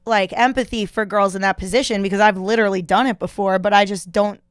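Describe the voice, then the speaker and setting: A woman's voice: medium pitch, steady tone, fast talker, clean tone, no echo, studio quality. A woman in casual comedic chat on a podcast, blunt and profane, laughing often. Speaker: podcast guest. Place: podcast studio.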